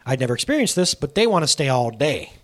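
Animated man in his thirties preaching. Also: medium pitch, fast talker. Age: 30s. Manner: lively, animated, plays out quoted dialogue. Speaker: pastor. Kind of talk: sermon with storytelling. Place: church sanctuary.

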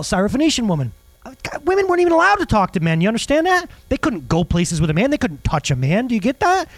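A male pastor preaching a sermon in an animated way, firing rhetorical questions and jokey asides. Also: sits high, no echo, low-quality recording.

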